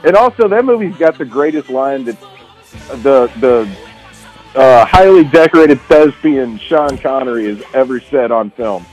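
A man co-hosting a morning radio show, telling stories in animated, jokey rants. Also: mid-range voice, moderate pace, soft background music, poor audio. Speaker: radio co-host. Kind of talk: casual morning radio chat. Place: radio studio.

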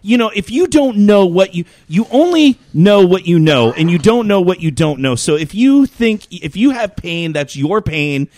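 A man's voice: high-pitched, moderate pace, hardly any pauses, no echo, studio quality. A man in his fifties telling a long, profane, rambling story as a regular on a talk show. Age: 50s. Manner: animated, profane, rambling with many fillers.

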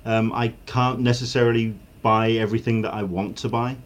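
A man's voice: lowish voice, flat delivery, fairly quick. A man co-hosting a casual chat, hesitant, with many fillers and restarts.

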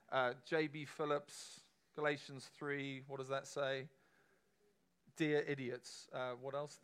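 A man's voice: medium pitch, a bit bright. A man preaching a sermon to a congregation in a conversational, emphatic way, often asking the room questions.

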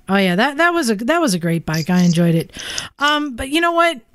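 A woman with a fairly high voice chats on a podcast, laughing easily through her stories. Her voice sounds close and dry. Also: very animated, fairly quick, a bit bright, no echo. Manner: laughs often while telling stories, chatty. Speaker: podcast co-host. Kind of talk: casual chat.

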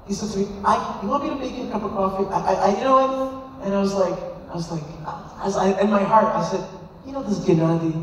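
A man's voice: high-pitched, a little hiss or hum. A man, a rabbi, telling an emphatic, impassioned story to a live audience. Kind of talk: storytelling speech. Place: large hall. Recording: echoey hall from far off.

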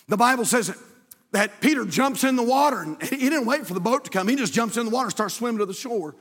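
A man preaches with a high, slightly husky voice, rising into shouted encouragement and then sinking low for quiet storytelling. His words ring out with a long echo, like a large church hall. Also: expressive, normal speed. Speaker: pastor. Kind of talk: sermon. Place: church sanctuary.

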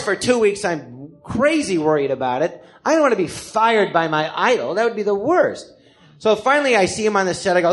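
A man telling a comic story live on stage, animated and rambling, acting out the voices of the people he quotes. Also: high-pitched, fast talker.

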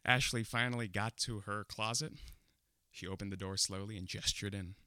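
A man's voice: lowish voice, moderate pace, no room sound. Laughing man telling a comic story. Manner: animated, laughing often, builds comic tension. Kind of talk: personal storytelling to an audience.

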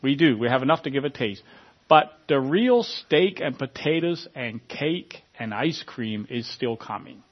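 A man giving an informal sermon in a conversational way, often restarting his sentences and filling pauses with ums. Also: medium pitch, dull audio. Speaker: preacher.

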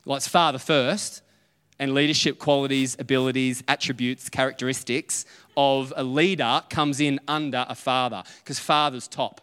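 A man's voice: medium pitch, steady tone, normal speed, a bit bright, clear, resonant tone. A man, preaching a conversational sermon and acting out little dialogues as he tells stories. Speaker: pastor. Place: church auditorium. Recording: long hall reverb.

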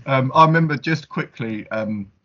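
A man's voice: mid-range voice, moderate pace, bright, forceful tone, dull audio. A man hosting a podcast, easygoing and steering the talk over a home mic on a call. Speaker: podcast host. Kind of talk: casual chat.

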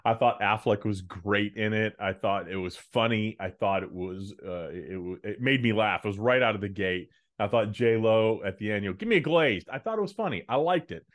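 A man's voice: on the low side, moderate pace, few pauses. A man co-hosting a podcast, chatting casually and giving jokey, opinionated takes. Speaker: podcast co-host.

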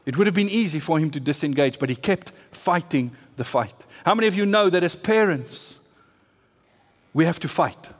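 A man's voice: on the high side, lively intonation, normal speed. A man preaching a sermon as pastor, pressing his points with emphatic repetition and rising bursts. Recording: long hall reverb.

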